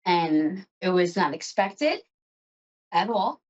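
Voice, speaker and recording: A woman's voice: on the low side, big pitch swings, slow, highs cut off. Effusive woman reading tarot cards. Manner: emotional, effusive and chatty. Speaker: psychic show host.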